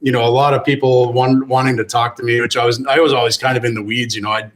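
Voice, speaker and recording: A man talks fast and rambles, tripping over restarts as he tells a playoff story against himself. His voice is mid-range and he keeps breaking into laughter. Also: medium pitch, flat delivery. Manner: rambling, self-deprecating, laughs often, many restarts. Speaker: former hockey player, guest. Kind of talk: casual podcast chat, storytelling.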